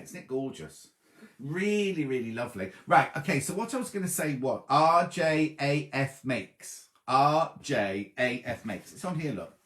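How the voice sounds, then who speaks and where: A man hosts a relaxed sewing broadcast, greeting viewers one by one with chatty asides. His pitch swings a lot as he talks. The room around him sounds roomy and echoey. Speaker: sewing show host. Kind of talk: casual chat reading viewer comments.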